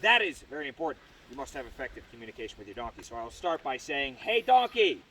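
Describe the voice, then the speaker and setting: A man's voice: mid-range voice, animated, fast, pushed and bright, recorded from a distance, a little hiss or hum. Man teaching pole climbing outdoors. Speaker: spar pole climbing instructor. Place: outdoor yard.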